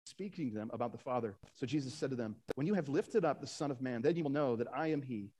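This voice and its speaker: A man's voice: mid-range voice, quick pace, dark tone, breathy edge. A man preaching a Sunday sermon, reading scripture aloud and asking the congregation rhetorical questions. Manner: reads scripture aloud, rising for emphasis. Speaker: pastor.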